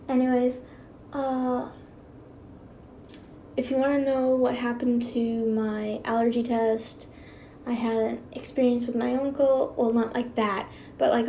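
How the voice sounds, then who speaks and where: A woman's voice: fairly high pitch, dark tone, a little hiss or hum. A woman reading fan fiction aloud, breaking off into rambling, giggly asides and restarts. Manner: rambling, self-interrupting, giggly. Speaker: YouTube fan fiction reader. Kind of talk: casual read-aloud with chatty asides.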